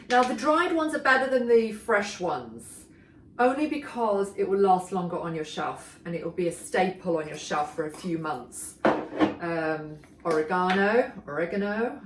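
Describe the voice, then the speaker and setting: A middle-aged woman hosts a cooking demo in a roomy home kitchen. She chats enthusiastically while she works. She sits some way off the mic, with pans and dishes clattering clearly behind her. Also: lowish voice, heavy background noise. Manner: chatty, enthusiastic, talks while working. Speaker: cooking show host. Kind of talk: casual kitchen demonstration. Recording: echoey kitchen, mic far off.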